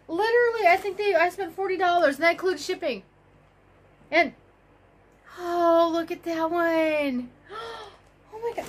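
A woman vlogging an excited unboxing, gushing, gasping and squealing with delight. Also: very high voice, moderate pace, slight background noise. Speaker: crochet vlogger.

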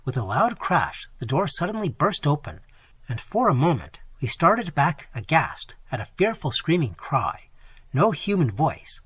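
A man reading a gothic novel aloud in a dramatic, expressive style, his voice strained from long sessions. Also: a little high, a little slow, breathy edge, no room sound. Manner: dramatic, animated storytelling. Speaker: audiobook narrator.

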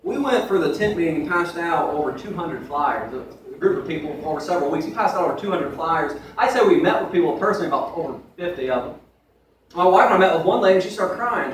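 A man's voice: on the high side, fast, slight background noise. A young man preaching a sermon in a conversational way, with asides, in a church sanctuary. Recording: echoey room from far off.

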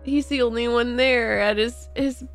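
A woman's voice: on the high side, fairly even intonation, moderate pace, soft background music. A woman hosting a movie reaction video, talking in an effusive, emotional way with lots of "like". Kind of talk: casual reaction commentary.

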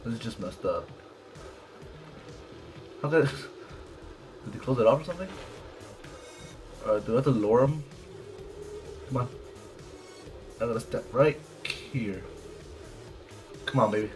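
A man giving casual, profane video game commentary, jumpy and quick to laugh at himself. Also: medium pitch, expressive, over music. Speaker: gameplay commentator.

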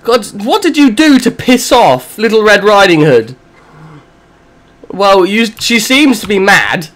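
A man's voice: sits high, very animated, takes it slowly, a bit bright. A young man casually commenting as he plays a horror game with a friend, chatty and swearing often. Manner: chatty, swears often, talks to himself and his teammate. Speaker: gaming channel host. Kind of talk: let's play gaming commentary.

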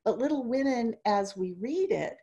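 A woman giving organized, explanatory remarks as a panelist at a book club event, often pausing with "uh", over a video call. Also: fairly high pitch, expressive, warm tone, muffled recording. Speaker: literature panelist.

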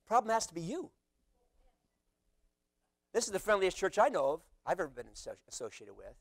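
A man preaching a sermon as pastor, animated, acting out quotes with sudden loud shouts. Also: high-pitched, a little fast, gravelly, no room sound, clean studio sound.

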